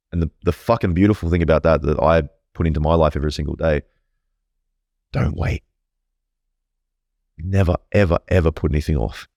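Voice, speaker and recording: A man's voice: a bass voice, a little mellow, dry recording, clean studio sound. A man speaking bluntly and earnestly as a podcast guest, swearing freely in casual interview talk.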